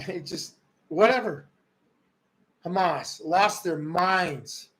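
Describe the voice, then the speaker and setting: A man hosting a livestream, ranting about politics in a heated way, swinging from loud outbursts to low muttering. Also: very slow, low-quality recording. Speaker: livestream host. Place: rural home.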